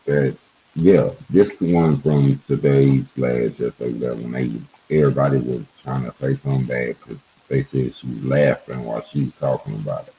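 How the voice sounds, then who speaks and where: Very deep, slow, gravelly-voiced man. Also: fairly even intonation, warm tone, slight background noise, low-quality recording. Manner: slow, muttering, talking to himself while searching clips. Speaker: podcast host. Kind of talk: casual commentary on a video clip.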